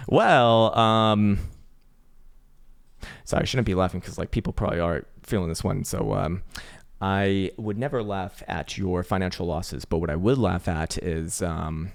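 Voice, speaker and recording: A man's voice: deep voice, unhurried, vocal fry. A man hosting his channel, giving laid-back, joking and profane commentary on crypto charts. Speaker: crypto market analyst, channel host.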